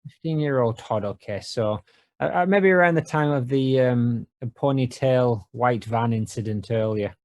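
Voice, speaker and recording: A man co-hosting a podcast, wry and playful, reading out scene descriptions in a deadpan way. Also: medium pitch, normal speed, no room sound. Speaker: podcast co-host.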